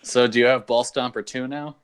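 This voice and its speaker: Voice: mid-range voice, fairly even intonation, fairly quick, smooth. A podcast co-host in casual chat, teasing the others playfully.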